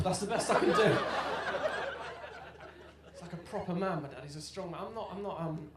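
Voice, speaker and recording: A young man in his twenties doing a stand-up comedy set, telling self-deprecating stories and bursting into loud shouted punchlines. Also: high voice, quick pace, noisy background. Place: comedy club stage with live audience. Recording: roomy live venue sound. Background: audience laughter.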